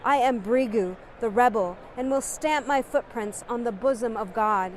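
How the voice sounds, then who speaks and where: A woman's voice: fairly high pitch, moderate pace, a little hiss or hum. A woman giving a dramatic, impassioned poetry recitation. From United States. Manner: declamatory and impassioned.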